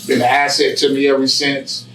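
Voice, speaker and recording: A man telling his story in a casual interview, with preachy, animated storytelling and street slang. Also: mid-range voice, normal speed, roomy sound, distant mic, faint music behind, poor audio. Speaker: guest, barbershop owner. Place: barbershop.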